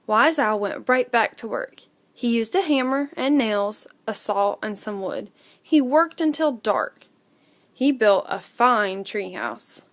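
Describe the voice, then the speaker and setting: Expressive woman reading a children's story. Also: fairly high pitch, slow pace. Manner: expressive, with acted sound effects.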